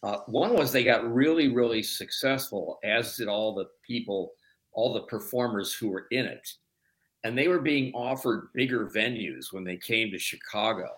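A man being interviewed on radio as a documentary producer, telling a long story at a steady, measured pace. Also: fairly low pitch, poor audio.

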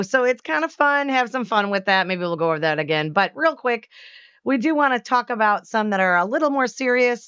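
A woman's voice: medium pitch, fairly bright tone, clean tone, no room sound, dull audio. A woman in her forties co-hosting a morning radio show, chatting casually with lots of fillers and giggles. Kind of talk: casual on-air banter.

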